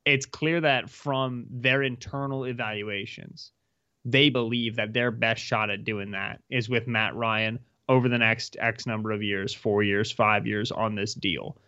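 A man's voice: fairly low pitch, steady tone, a little slow, sharp tone, clean tone, dry recording, dull audio. A man co-hosting a casual sports podcast, hedging his points with lots of filler words. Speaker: podcast co-host.

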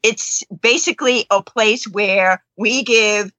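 A woman's voice: medium pitch, takes it slowly, pushed and bright, dry recording, low-quality recording. A woman guesting on a radio show, talking up her film festival in an upbeat, promotional way. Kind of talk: radio interview.

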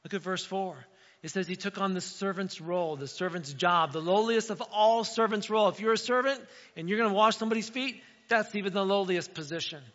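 Fairly quick and high-pitched, this middle-aged pastor gives his church a relaxed sermon built around stories. He's animated and conversational, regularly breaking into asides where he acts out voices. The church sanctuary recording has a dull sound and long hall reverb.

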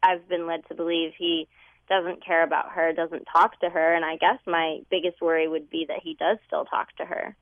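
Young female caller on a phone line, low-ish voice, earnest and hesitant. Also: flat delivery, moderate pace, dry recording. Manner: earnest, hesitant, with frequent ums. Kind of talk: phone-in question. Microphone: telephone.

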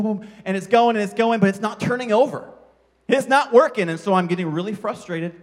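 Pastor, man, high tenor voice, animated self-mocking storyteller preaching a sermon.

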